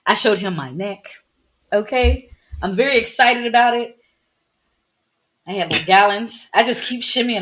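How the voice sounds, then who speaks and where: A woman co-hosting a casual chat podcast. She talks in an animated, joking way and often breaks into laughter. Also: on the high side, a little slow, long pauses. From United States. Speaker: podcast co-host.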